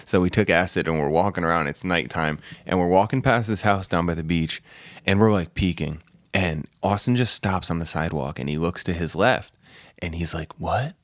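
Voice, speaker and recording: A man's voice: low-pitched, normal speed, no echo. A man hosting a casual podcast, telling a story animatedly, acting out quotes and swearing freely. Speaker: podcast host. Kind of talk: casual chat.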